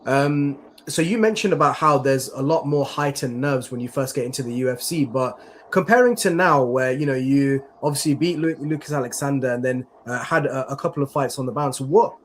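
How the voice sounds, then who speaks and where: A man's voice: mid-range voice, brisk, slight background noise. A male MMA interviewer asking long, rambling questions in a chatty, casual way.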